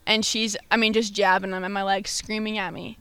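A woman's voice: mid-range voice, a little fast, clean tone, no echo. Young woman on a podcast, chatty and slangy, laughs a lot, dry close sound. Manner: animated storytelling, laughs often, slangy. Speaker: podcast guest. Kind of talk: casual chat.

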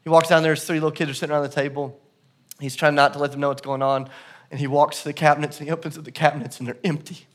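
A male pastor preaching a sermon in a church service, telling stories that swing from hushed to loud and emphatic. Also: on the high side, fast.

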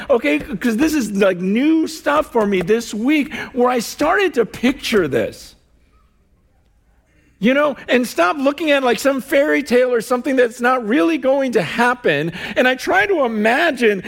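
A male guest preacher with a high voice who talks in a loose, conversational way, full of "like" and quick laughs. He builds into near-shouts, then drops low and soft for emphasis. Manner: animated and conversational, with fillers and laughs. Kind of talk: sermon.

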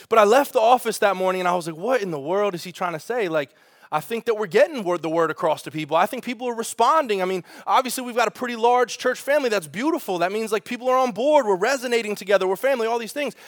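A male pastor delivers a sermon in a high, bright register. He talks conversationally and with energy, turning aside to speak directly to the congregation.

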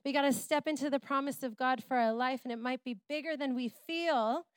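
Woman preacher in her middle years, high bright voice, dry close sound, animated sermon storytelling. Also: brisk, smooth, dry recording. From Canada. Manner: animated, playful storytelling with asides. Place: church.

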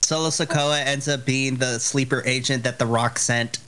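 A man's voice: mid-range voice, normal speed. Playful laughing podcast co-host man. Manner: playful, animated, laughing often. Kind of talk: casual live-react chat.

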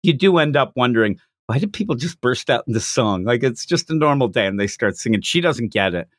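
A man hosting a podcast, casually recapping a manga chapter in a jokey, animated way. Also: medium pitch, dry recording, clean studio sound. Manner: animated, jokey retelling with quick acted quotes. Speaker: podcast host.

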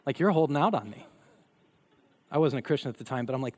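Animated man preaching a sermon. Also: medium pitch, quick pace, long pauses, husky. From Colorado. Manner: animated storytelling, acting out voices. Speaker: pastor.

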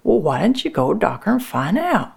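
Woman playing a bossy plant manager man, higher and louder than her telling, gravelly, dismissive. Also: wildly swooping pitch, a little fast, exaggerated voice. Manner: brushing off, bossy, folksy dialect. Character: pushy dismissive male factory boss.

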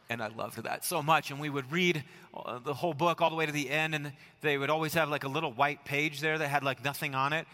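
American pastor guy, kinda high bright voice, chatty sermon, echoey church hall. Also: fairly even intonation, brisk. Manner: conversational storytelling, dropping to soft near-whispers for emphasis. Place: church sanctuary.

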